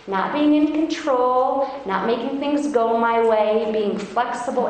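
A middle-aged woman from Iowa giving a devotional Bible talk at a women's conference, speaking earnestly and slowing down to read verses. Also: a little high, darkish tone. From Iowa, United States. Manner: earnest, emphatic, reads verses slowly; self-described feisty. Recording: very echoey hall, faint noise.

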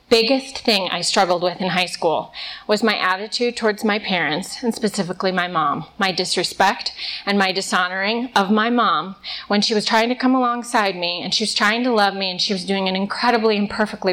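A woman's voice: mid-range voice, fairly bright tone, rough recording. A young adult woman speaking at a conference, giving a conversational faith talk full of personal stories and casual fillers. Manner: casual, storytelling, many "like" fillers.

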